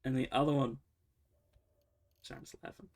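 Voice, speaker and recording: A man's voice: mid-range voice, steady tone, brisk, creaky, husky. A man casually commenting on his own game as he streams, rambling and often correcting himself. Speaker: livestreamer playing a game.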